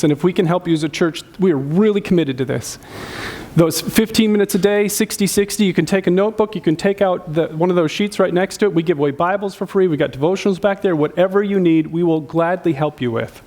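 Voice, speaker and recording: A man's voice: high voice, fast talker, darkish tone. A man preaching a sermon as pastor of a church, telling a story earnestly and often restarting his sentences.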